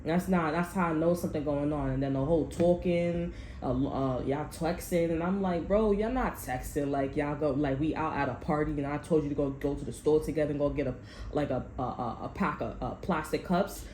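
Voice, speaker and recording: A woman's voice: low-pitched, brisk, mellow. A woman telling a long personal story in a casual, rambling way, full of slang and swearing, often laughing. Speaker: tarot reader. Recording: echoey room with faint background noise.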